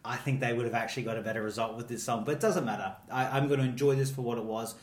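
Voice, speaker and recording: A man's voice: medium pitch, fairly even intonation, racing. Gushing man in an echoey room. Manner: enthusiastic, gushing, laughs often. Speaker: podcast co-host. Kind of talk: casual chat.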